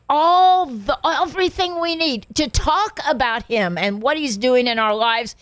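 Emphatic high-voiced older woman host. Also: a bit bright, no room sound. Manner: emphatic, exclamatory preaching tone. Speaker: talk show host. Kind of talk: Christian talk show chat.

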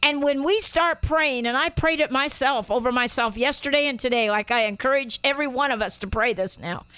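A woman hosting a Christian talk show, teaching scripture with an emphatic, drawn-out preaching cadence. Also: high voice, bright, forceful tone, clean tone, no room sound. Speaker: host.

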